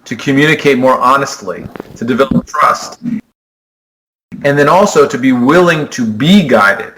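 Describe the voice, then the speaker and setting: In a podcast interview with a noisy background, a male sport psychologist speaks at normal speed and a medium pitch. He earnestly explains ideas in a conversational way, frequently starting his sentences over.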